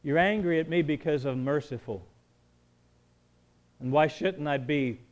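A man voicing God as calm and merciful, reasoning in a measured way. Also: fairly high pitch, dull audio, close to an everyday voice.

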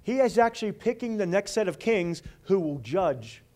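A man's voice: high-pitched, very animated, moderate pace, warm tone. A male pastor preaching a sermon in a conversational way, with frequent asides and rhetorical questions.

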